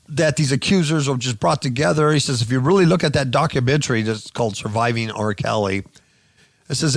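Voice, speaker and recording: A man's voice: a little high, animated, normal speed, vocal fry, no room sound, clean studio sound. A man hosting a radio show, giving sarcastic, mocking commentary on news stories.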